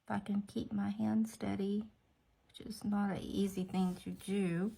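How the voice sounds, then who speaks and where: Chatty gravelly-voiced woman. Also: mid-range voice, level tone, a little slow, mellow. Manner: chatty, rambling, self-talk asides. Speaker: nail art vlogger. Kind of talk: casual tutorial chat.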